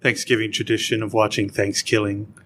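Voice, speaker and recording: A man's voice: lowish voice, little pitch movement, fairly quick, fairly bright tone, a little hiss or hum. A man co-hosting a podcast, mostly chiming in with short casual reactions. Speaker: podcast co-host. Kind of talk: casual chat.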